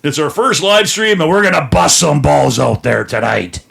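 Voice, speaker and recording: Gravelly, rambling Canadian man. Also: on the high side, sing-song, normal speed, a bit bright. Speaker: podcast co-host. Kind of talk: rambling live-stream banter.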